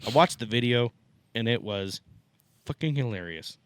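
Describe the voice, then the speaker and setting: A man's voice: medium pitch, lively intonation, moderate pace, clear, resonant tone, dry recording. A man on a podcast, chatting casually and telling a rambling, profane work story that he keeps laughing at. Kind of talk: casual chat.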